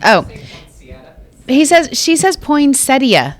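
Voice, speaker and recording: A woman's voice: lowish voice, fairly quick. A woman co-hosting a podcast, telling stories in a chatty way and acting out quotes. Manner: chatty storyteller, animated quotes. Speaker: podcast co-host. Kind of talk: casual chat. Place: photo studio in a mall.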